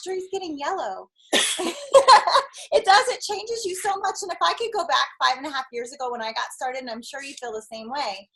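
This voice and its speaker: A woman hosting a casual video call, emotional and quick to laugh. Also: sits high, fairly bright tone, low-quality recording.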